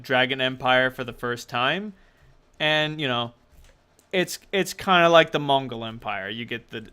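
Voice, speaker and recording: A man's voice: mid-range voice, bright, forceful tone, clean tone. A man narrating a tabletop game as game master, rambling loosely with many fillers and doing voices for the characters.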